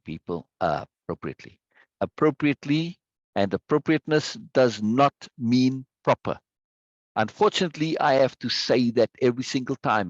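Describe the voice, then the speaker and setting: Guy teaching a course over a video call, lively voice goes up and down, repeats stuff for emphasis, dry dull webcam sound. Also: medium pitch, dry recording. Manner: animated, conversational, repeats key words for emphasis. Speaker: course instructor. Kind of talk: recorded online lesson. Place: indoors at a computer.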